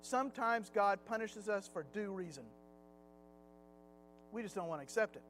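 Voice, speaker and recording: A middle-aged man with a strikingly high voice leads a laid-back Sunday Bible class in a church classroom, speaking at normal speed. His style is chatty and anecdotal with occasional acted quotes, and a faint music hum sits under the low-quality recording.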